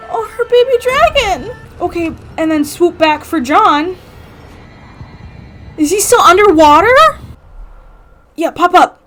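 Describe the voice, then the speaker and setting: A woman reacting to a TV episode in casual commentary, gasping and calling out to the characters. Her voice is high for a woman, with faint music in the background. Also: slow, long pauses. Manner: excitable, gasping, talking to the screen. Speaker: reaction video host.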